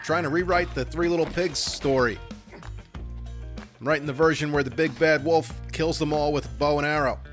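A man's voice: a little high, fairly even intonation, moderate pace. Profane wisecracking man over game music. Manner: profane, wisecracking, jokey asides. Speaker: gaming commentator. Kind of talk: joking gameplay commentary.

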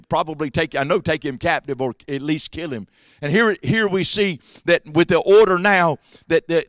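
A bright, forceful male pastor, preaching with a drawling cadence. His voice drops to near-hushed asides and then climbs high and loud. The sound is close and dry. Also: dry recording. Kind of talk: sermon. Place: church sanctuary.

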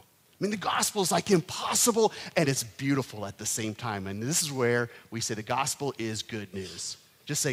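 A middle-aged male pastor preaching a sermon to his congregation, animated, rising to loud emphatic peaks. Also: on the high side, normal speed, slightly rough. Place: church sanctuary. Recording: long hall reverb.

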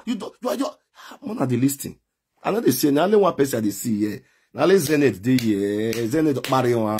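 A man's voice: fairly high pitch, big pitch swings, normal speed, slightly rough. A man with a Nigerian Pidgin accent hosting a live stream, scolding and lecturing in long rants and greeting viewers. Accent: Nigerian Pidgin English.

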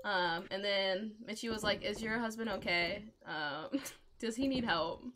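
A woman's voice: medium pitch, unhurried, fairly bright tone, a little hiss or hum. A young woman streaming a game, chatting to viewers in a giggly, rambling way and telling stories. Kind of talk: casual live-stream chat while gaming.

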